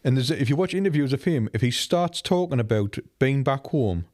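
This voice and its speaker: A man's voice: medium pitch, lively intonation, a little fast, a little mellow. A man co-hosting a movie podcast, explaining points at length in casual chat. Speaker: podcast co-host.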